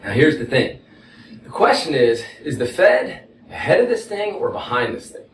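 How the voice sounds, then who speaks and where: A man's voice: mid-range voice, reverberant, distant mic, slight background noise, poor audio. A man with a Texas accent teaching economics at a whiteboard, folksy and conversational, often checking in with "okay?". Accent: Texan. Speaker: economics instructor. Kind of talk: whiteboard lecture.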